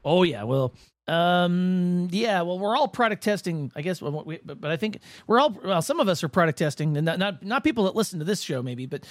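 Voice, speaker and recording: Lively co-host reading cannabis news. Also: mid-range voice, brisk, dry recording, studio quality. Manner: hesitant restarts in chat, smooth when reading script. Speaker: podcast co-host. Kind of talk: casual chat and reading news segments.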